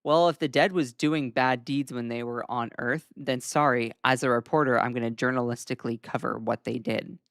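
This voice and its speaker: A man's voice: mid-range voice, moderate pace, vocal fry, few pauses, fairly bright tone, smooth, dry recording, studio quality. Chatty Southern man hosting news commentary. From Southern United States. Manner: casual, chatty, frequent "um" fillers, wry asides. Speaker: host.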